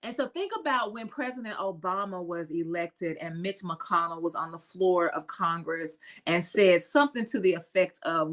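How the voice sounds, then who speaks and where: A reverend from the United States hosting a spiritual talk show, speaking emphatically in repeated lists and laughing often. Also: female voice, lowish voice, normal speed, few pauses, fairly bright tone. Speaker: reverend and podcast host.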